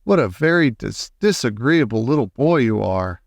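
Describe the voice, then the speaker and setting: A man's voice: mid-range voice, big pitch swings, moderate pace, gravelly, no echo, studio quality. A man reading aloud and voicing an elderly grandmother who speaks patiently and precisely. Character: elderly grandmother, calm, firm, proper.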